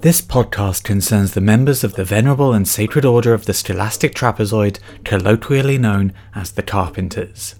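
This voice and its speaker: A man hosting a comedy podcast, reading a scripted monologue in a solemn, mock-ceremonial deadpan. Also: fairly low pitch. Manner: solemn mock-ceremonial delivery, slow chanting of a creed. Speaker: podcast host. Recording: loud guitar music behind.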